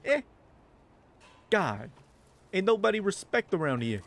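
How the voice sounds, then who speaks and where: A man voicing a grumpy male robot shopkeeper who scolds loudly and fast, with game music behind. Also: sits high, very animated, slight background noise, voice pushed up, heavily acted. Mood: angry. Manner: loud, fast, indignant scolding.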